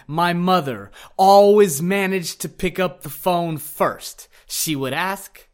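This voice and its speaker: A man's voice: high-pitched, takes it slowly, few pauses, clean tone. A young man performing a wry, confessional spoken word story.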